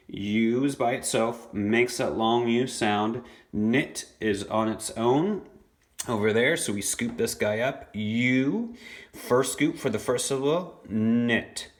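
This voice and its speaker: A young male elementary school teacher giving a phonics lesson, patiently sounding out and repeating words, recorded on a phone in his hand. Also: on the low side. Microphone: phone held in hand.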